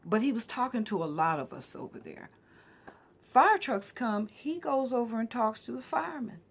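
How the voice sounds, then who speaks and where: A woman's voice: on the high side, lively intonation, normal speed, creaky, slightly rough. A woman vlogger earnestly telling personal stories to her viewers in a conversational, emphatic way.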